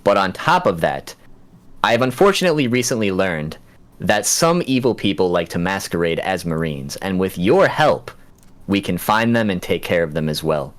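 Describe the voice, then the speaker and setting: A man's voice: low-pitched, very animated, moderate pace. A man playing a tabletop game, speaking in character in an earnest, reassuring way. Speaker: player. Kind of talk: tabletop role-play in character.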